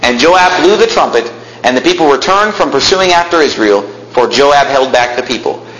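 A young adult man preaches a sermon in an echoey room with faint ambience, reading scripture aloud and explaining it plainly before building to fervent emphasis. His mid-range, slightly bright voice has lively intonation at a normal speed, with a little hiss or hum.

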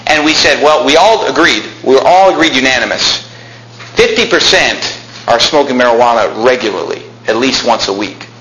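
Male preacher, bright ringing voice, fiery delivery, roomy church echo. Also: medium pitch, expressive, moderate pace. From California. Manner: impassioned, shouting at peaks. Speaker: pastor. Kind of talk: sermon. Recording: echoey room with faint ambience.

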